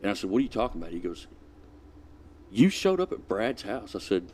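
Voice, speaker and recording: A man's voice: lowish voice, sing-song, a little fast, darkish tone. A man, a podcast guest telling a story in a drawling, laid-back way, acting out both sides of a conversation. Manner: drawling, laid-back retelling with quoted dialogue. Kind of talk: casual storytelling.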